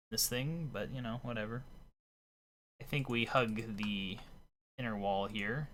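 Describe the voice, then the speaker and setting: Bright-voiced man narrating gameplay. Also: on the low side. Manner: relaxed, thinking aloud while playing. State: hoarse. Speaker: let's play commentator. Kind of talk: casual gameplay commentary.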